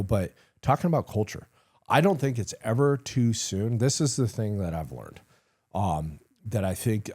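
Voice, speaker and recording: A man's voice: low-pitched, a little mellow, breathy edge. A middle-aged man, a retired senior soldier, telling stories candidly as a podcast guest, acting out dialogue, swearing casually and laughing at himself. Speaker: retired command sergeant major, guest. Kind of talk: candid conversational storytelling.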